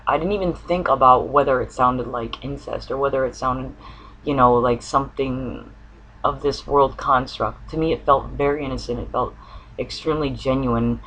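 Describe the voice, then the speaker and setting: A man's voice: mid-range voice, bright, forceful tone, muffled recording. A man telling a personal dream story to the camera, earnest and searching for words, with an occasional cough. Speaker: spiritual vlogger.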